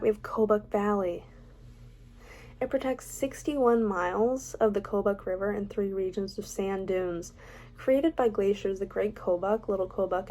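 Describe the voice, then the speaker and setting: A woman's voice: mid-range voice, a little mellow. A young woman vlogging casually, reading out facts and adding chatty, opinionated, self-mocking asides. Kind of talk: casual ranking vlog, reading facts aloud.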